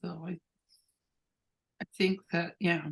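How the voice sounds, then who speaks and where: A woman's voice: on the low side, level tone, slow pace, fairly bright tone, breathy edge, poor audio. A woman student in a language lesson, thinking aloud hesitantly and asking questions. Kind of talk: tutoring session.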